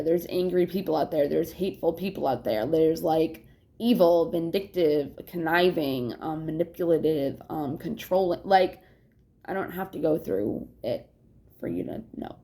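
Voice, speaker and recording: A woman's voice: fairly low pitch, darkish tone. A young adult woman talking candidly in a casual personal vlog, rambling, swearing often and laughing between thoughts. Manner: yawns to catch her breath. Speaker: vlogger.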